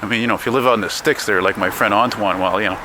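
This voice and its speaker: A man's voice: fairly low pitch, rapid-fire. A man, walking city streets and talking casually to his camera, grumbling and swearing as he goes. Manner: profane, grumbling, chatty. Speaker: vlogger. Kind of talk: casual walking vlog commentary. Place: city streets outdoors, windy. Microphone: handheld camera mic while walking. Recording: outdoor street noise and wind. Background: street traffic and wind.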